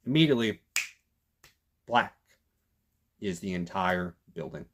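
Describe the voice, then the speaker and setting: Male reviewer, casual and emphatic, husky voice, very lively intonation. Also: medium pitch, moderate pace, pauses often. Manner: animated, emphatic, frequent restarts. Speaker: documentary reviewer. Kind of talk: casual commentary retelling a story.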